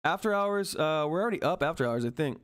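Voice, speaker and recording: A man hosting a stock trading livestream, giving excited market commentary and constantly addressing viewers as guys. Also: a little high, quick pace. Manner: excitable, keeps addressing viewers as guys and asking "all right?".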